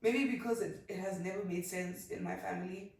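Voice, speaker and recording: A woman's voice: lowish voice, fairly even intonation, brisk, gravelly, darkish tone, recorded from a distance. Young South African woman, casual vlog vent, rambling, mixes languages, voice set back from the mic in a very echoey room. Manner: rambling, switches between languages mid-sentence. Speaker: vlogger.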